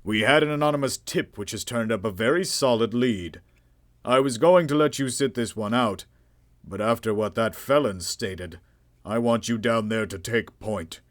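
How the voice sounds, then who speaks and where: A man voicing a stern male police commander who gives brisk, matter-of-fact orders. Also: on the low side, close to an everyday voice. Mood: urgent.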